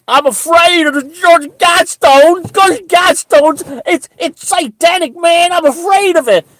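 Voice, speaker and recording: Shrieking frightened believer, mocking falsetto, loud, dry close sound. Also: male voice, measured pace, no room sound. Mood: panicky. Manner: mocking high falsetto squeal. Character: shrieking terrified male conspiracy follower.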